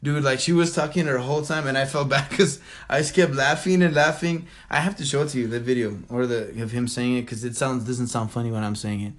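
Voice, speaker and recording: Young dude rambling on a podcast, likes and dudes everywhere, laughs a lot. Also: male voice, medium pitch, fairly even intonation, fairly quick, hardly any pauses, a bit bright. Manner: rambling, laughs often, many fillers. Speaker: podcast co-host. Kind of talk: casual podcast chat.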